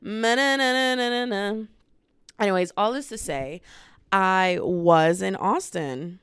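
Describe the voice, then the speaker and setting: A young woman in her twenties chats through her solo podcast and jumps from one topic to the next. Her voice is smooth and clean, and it sits close and dry with no room sound. She talks casually into a small camera at home. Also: medium pitch, fairly bright tone, no echo. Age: 20s. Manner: rambling, chatty, jumps between topics. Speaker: podcast host. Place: at home, indoors. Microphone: small handheld camera.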